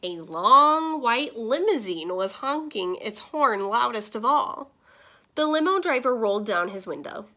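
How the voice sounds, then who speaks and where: Animated woman reading a storybook aloud. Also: a little high, unhurried. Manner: expressive, animated. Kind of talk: children's storybook read-aloud.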